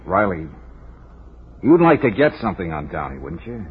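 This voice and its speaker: An actor playing a brisk, wisecracking private detective in a 1940s radio drama. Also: male voice, low voice, sing-song, a little hiss or hum. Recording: muffled 1940s radio recording.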